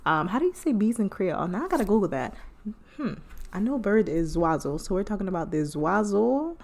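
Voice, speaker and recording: Female podcast host, playful chatty delivery, mid-pitched. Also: very animated, fairly quick, a little mellow. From United States. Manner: playful, chatty, laughing asides. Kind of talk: casual solo podcast talk.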